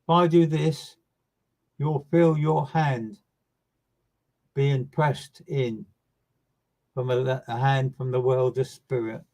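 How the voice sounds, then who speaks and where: A man working as a medium, giving live online readings in a soft, soothing, repetitive way that often trails off quietly. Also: mid-range voice, steady tone, slow, pauses often, poor audio.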